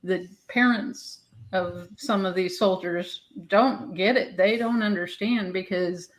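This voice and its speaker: A woman guest in a casual chat, telling animated anecdotes and mimicking the people in them. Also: mid-range voice, slow.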